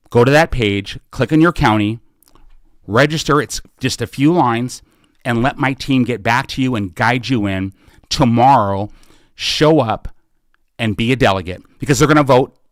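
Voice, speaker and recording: A man's voice: medium pitch, dry recording, studio quality. Fervent middle-aged man rallying listeners. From United States. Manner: fervent, exhortative, repeating calls to action. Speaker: podcast host and political candidate. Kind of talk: live podcast Q&A, rallying appeal.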